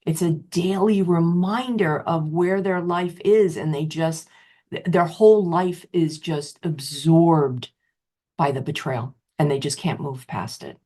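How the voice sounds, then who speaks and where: A middle-aged woman, a betrayal recovery specialist, tells her own story with emotion, repeating phrases and swinging her pitch up hard for emphasis. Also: unhurried, dark tone. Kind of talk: personal testimonial talk.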